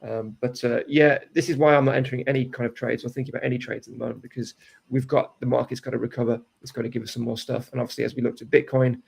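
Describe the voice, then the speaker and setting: A man's voice: mid-range voice, little pitch movement, fast talker, creaky, breathy edge. A man coaching live day trading, talking through charts step by step and often checking in with "right?". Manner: explains steps, ends points with "right?". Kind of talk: live market analysis chat.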